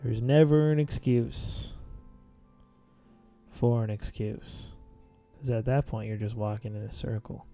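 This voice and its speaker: A man's voice: medium pitch, unhurried, long pauses, dark tone. A man rambling philosophically in casual chat while playing a video game, full of "like" fillers. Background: faint game music.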